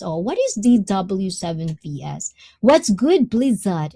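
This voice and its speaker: A woman's voice: mid-range voice, very animated, slow pace, warm tone, no room sound. A woman hosting a livestream, chatting casually and greeting viewers in the chat. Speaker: livestream host.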